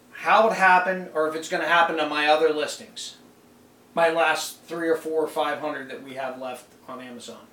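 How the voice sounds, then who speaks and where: A man's voice: on the high side, pushed and bright. A man who sells online, ranting to camera in an exasperated, indignant, emphatic way. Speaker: online seller. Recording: roomy echo, mic set back.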